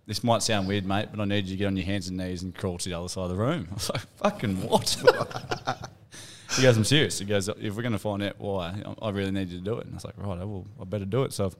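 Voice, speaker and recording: A man's voice: low-pitched, fast, a little hiss or hum. An Australian man on a podcast with his mates, telling a long joke as if it were his own story, acting out the other voices and swearing freely. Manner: animated, acts out dialogue in a funny story, swears. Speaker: podcast co-host.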